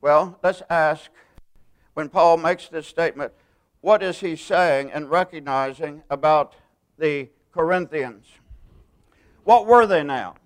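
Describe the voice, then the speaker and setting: Man, preacher, sermon, emphatic, high voice, smooth and resonant. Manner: emphatic, stresses single words, slows for quoted scripture.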